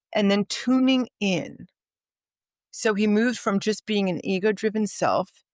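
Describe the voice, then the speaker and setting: A woman of middle pitch tells a story in a podcast conversation and brings the people in it to life as she goes. She acts out their lines with vivid changes in her voice. The recording is dry and close, with no room sound. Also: no room sound. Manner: vivid anecdote teller, acts out quoted dialogue. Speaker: podcast guest, author.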